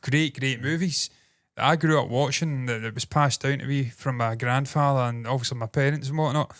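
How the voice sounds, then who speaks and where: A man's voice: medium pitch, brisk, fairly bright tone, no room sound, studio quality. A man in his thirties co-hosting a casual podcast, rambling, laughing and swearing freely. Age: 30s. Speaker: co-host. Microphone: loose desk mic.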